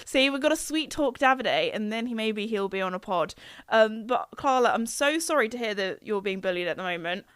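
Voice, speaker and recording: A woman's voice: fairly high pitch, animated, a little fast, a bit bright, clear, resonant tone, no room sound, clean studio sound. A young woman hosting a podcast, chatting casually and giggling as she reads out listener comments. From England. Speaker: podcast host. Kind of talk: casual chat reading comments.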